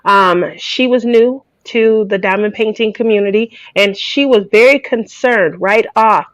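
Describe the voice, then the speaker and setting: A woman's voice: medium pitch, measured pace, fairly bright tone, dry recording, rough recording. A woman hosting a craft channel, telling stories in casual chat, emotional and tearful.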